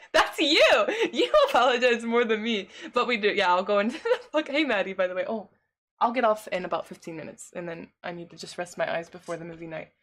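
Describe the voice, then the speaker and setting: A woman's voice: mid-range voice, quick pace. A woman streamer chatting casually with her live chat. She rambles, fills her talk with "like" and laughs often.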